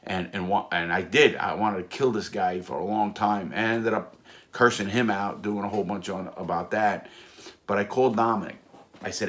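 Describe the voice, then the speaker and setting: A man's voice: on the low side, moderate pace, a bit bright. A man telling his own story in a casual, emphatic monologue, often restarting and repeating himself. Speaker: storyteller recounting his prison case.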